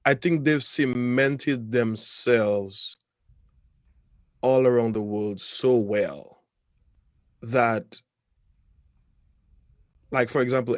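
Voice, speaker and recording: Measured man, dry close sound. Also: mid-range voice, no room sound. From Caribbean. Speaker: podcast co-host. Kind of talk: casual chat.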